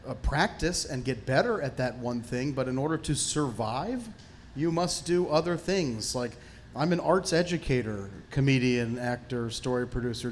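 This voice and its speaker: Man telling animated panel anecdotes. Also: medium pitch, a little hiss or hum. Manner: animated anecdotes with frequent fillers. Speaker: panelist, actor and comedian. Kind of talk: casual panel storytelling. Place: film festival panel.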